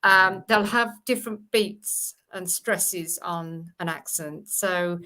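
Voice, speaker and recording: Actress lady on a stream, bright punchy voice, demoing accents, lots of ums. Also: fairly low pitch, slow. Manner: explains by demonstrating accents, with many fillers. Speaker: actress and voice performer. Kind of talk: casual group chat on a live stream.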